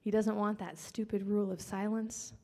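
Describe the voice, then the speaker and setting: A woman gives a personal testimony in an earnest voice with a gravelly edge. She often drops into a hushed whisper. Her voice rings out with the long reverb of a large hall. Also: mid-range voice, little pitch movement, normal speed. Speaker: speaker sharing her testimony.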